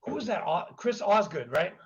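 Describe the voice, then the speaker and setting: Gravelly, fairly high-voiced male host. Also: big pitch swings, moderate pace, muffled recording. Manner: loose, joking, swears freely. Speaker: podcast host. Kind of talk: casual chat.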